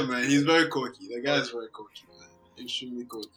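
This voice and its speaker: A man in relaxed football chat who retells exchanges and calls people "bro". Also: mid-range voice, fast, faint music behind.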